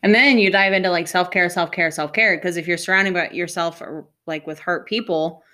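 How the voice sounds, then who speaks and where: A woman co-hosting a podcast in casual chat, playful and agreeable and quick with jokes. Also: lowish voice, steady tone, bright, forceful tone. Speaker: podcast co-host.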